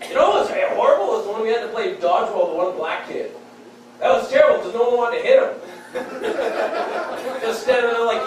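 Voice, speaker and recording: A young man from Saskatchewan doing a wry, casual stand-up set on a club stage, acting out quick quotes. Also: very high-pitched, lively intonation, background noise. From Saskatchewan, Canada. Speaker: stand-up comedian. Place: comedy club stage in a beer hall. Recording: very echoey club room, mic distant. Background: audience laughing.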